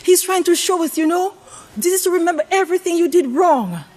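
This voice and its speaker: A woman's voice: expressive, brisk, warm tone. A woman preaching a sermon, putting questions to the congregation and asking them to call out their answers. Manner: varies pitch widely for emphasis.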